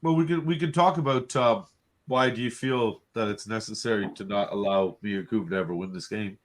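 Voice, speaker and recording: A man's voice: fairly low pitch, a little fast. A man from the north of England on a comedy panel show, talking in a wry, mock-complaining way. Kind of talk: casual banter.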